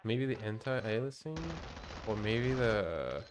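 A man's voice: lowish voice, expressive, takes it slowly, background noise. A man streaming a shooter game, rambling in casual commentary, muttering to himself and swearing now and then. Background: gunfire from the game.

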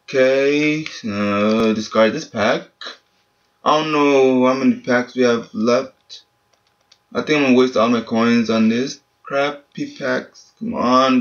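Frustrated teen guy, slow talking, muffled. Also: mid-range voice. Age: teens. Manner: frustrated, swears often. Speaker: gaming channel host. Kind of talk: casual gameplay commentary. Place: family home, speaking quietly.

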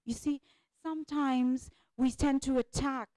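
A female life coach and speaker gives an energetic motivational talk on a conference panel before a live audience in a conference hall. Her high-pitched voice is unhurried, she frequently repeats herself and asks "right?", and the recording is dry.

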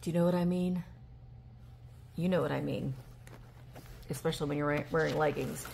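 A woman, chatting casually on a handheld phone vlog as she reads fan mail and opens a gift, emotional and gushing with breathy gasps. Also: deep voice, steady tone, moderate pace, darkish tone, a little hiss or hum. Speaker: vintage reseller vlogger. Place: indoors at a table. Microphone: handheld phone camera.

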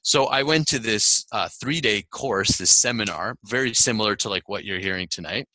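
Man, seminar talk, bright forceful tone, dry close sound, storytelling. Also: lowish voice, normal speed, no room sound. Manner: storytelling, animated, laughs often. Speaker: motivational speaker.

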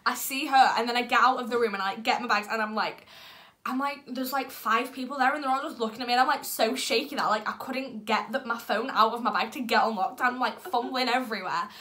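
A young woman rambling excitedly through a story in a casual vlog chat, with a lot of giggles. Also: on the high side, fast. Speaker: vlogger.

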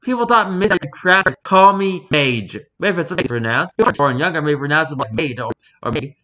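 A man's voice: a little high, normal speed, heavy background noise. A man reading posts aloud in a rambling, jokey vlog commentary, swearing casually.

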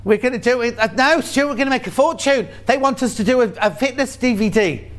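A man's voice: very high-pitched, quick pace. A man presenting on a shopping channel, chatting in a jokey, rambling way about fabrics and his cats. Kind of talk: casual chat. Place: TV studio.

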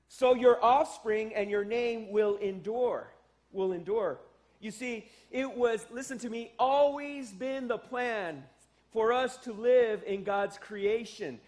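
A man preaching a sermon as pastor, animated and emphatic, with joking asides and exclamations. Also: sits high. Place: church sanctuary.

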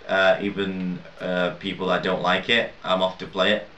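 A man's voice: low-pitched, flat delivery, normal speed, pushed and bright, slight background noise. A young man rambling and swearing through casual gameplay commentary, laughing at his own mistakes. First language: not English. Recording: lo-fi roomy home mic at a distance.

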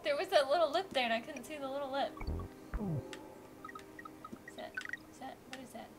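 A woman playing the game in a let's play, casual chat, exasperated and quick to protest. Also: high voice. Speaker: let's play co-host, player. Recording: loud game music under voice.

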